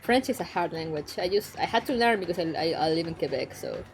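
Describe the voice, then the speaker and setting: A young woman streaming and chatting casually, frank and quick to swear, laughing often. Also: fairly low pitch, animated. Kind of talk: casual chat. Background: faint background music.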